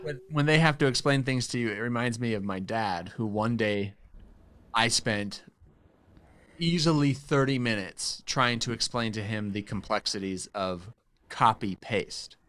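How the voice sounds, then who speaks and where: A man's voice: lowish voice, measured pace, a bit bright. A man co-hosting a podcast, chatting casually and telling a story animatedly, acting out the quoted voices and laughing along. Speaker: podcast co-host; phone line worker.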